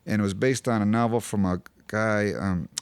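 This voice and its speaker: A man's voice: fairly low pitch, fairly even intonation, normal speed, clean tone, dry recording. A male singer-songwriter, a guest in a radio studio, singing a ballad and then telling its story in a rambling way full of filler words. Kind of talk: sung ballad with guitar, then chatty storytelling. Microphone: studio microphone. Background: his own guitar.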